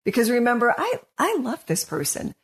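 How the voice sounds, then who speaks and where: A woman co-hosting a podcast as a marriage counselor, encouraging and quick to laugh in casual discussion. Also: a little high, huge pitch swings, breathy edge. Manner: warm-hearted, encouraging, laughs easily.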